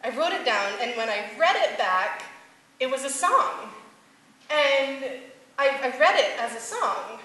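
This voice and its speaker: Young woman speaker, bright voice, animated, laughs a lot, live talk in a reverberant hall. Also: high voice, unhurried. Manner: animated, laughs often, many fillers. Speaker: singer-songwriter giving a talk. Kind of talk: personal storytelling talk. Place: stage before a live audience, echoey hall. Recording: echoey hall with faint ambience.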